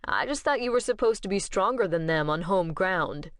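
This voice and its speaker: A woman's voice: fairly low pitch, animated, normal speed, no echo, clean studio sound, natural voice. A woman voicing a blunt young man.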